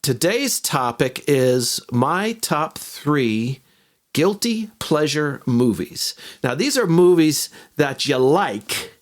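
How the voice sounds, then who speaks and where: A man's voice: fairly high pitch, very animated, takes it slowly. A man in his sixties co-hosting a podcast in casual chat, rambling with restarts and fillers. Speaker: podcast co-host.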